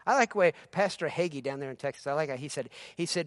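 A man preaching a sermon as pastor, moving between easy conversational talk and loud, rising exhortation. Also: a little high, fast.

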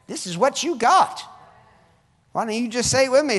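A man preaches with a high, lively voice that climbs into fervent cries and drops to quiet asides. His words ring out in a big hall with a long echo. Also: moderate pace, vocal fry. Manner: preaching with sudden rises and drops in force. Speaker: pastor. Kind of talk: sermon.

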